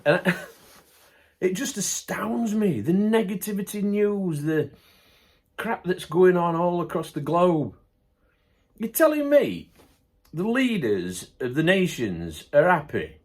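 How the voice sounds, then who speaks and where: Husky, lively middle-aged man. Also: high voice, slow, pauses often. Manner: chatty, ranting then laughing it off, blunt humour. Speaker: vlogger. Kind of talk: casual chat to camera.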